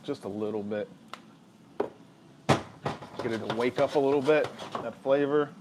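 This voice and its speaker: A young man with a drawl cooks at home and keeps up an easy, chatty commentary for his viewers. His voice sits at a middling pitch. A faint hum of kitchen noise runs underneath. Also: measured pace. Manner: relaxed, chatty, talks to viewers while cooking. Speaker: family vlogger cooking. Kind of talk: casual cooking vlog chat.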